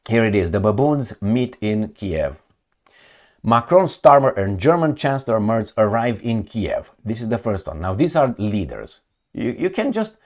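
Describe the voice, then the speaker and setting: A man's voice: medium pitch, a little mellow. A man giving casual political commentary, mocking and chatty, talking to his viewers like friends. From Romania.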